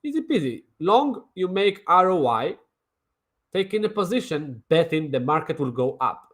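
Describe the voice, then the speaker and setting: A man's voice: fairly high pitch, sing-song, moderate pace, fairly bright tone. A man streaming crypto trading commentary in a brash, mocking way, swearing and repeating himself. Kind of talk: casual livestream commentary.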